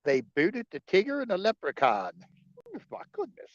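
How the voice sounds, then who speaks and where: A man's voice: high voice, huge pitch swings, normal speed, no echo. A man co-hosting a livestream, chatting casually, joking, swearing and laughing often. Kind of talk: casual political chat. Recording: dull lo-fi stream audio.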